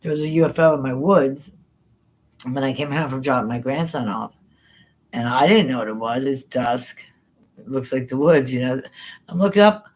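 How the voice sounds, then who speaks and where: A middle-aged woman hosting a live stream, telling stories in a rambling, spontaneous way, excitable and quick to swear. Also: a bass voice. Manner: excitable, swears freely, jumps between thoughts. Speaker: paranormal livestream host.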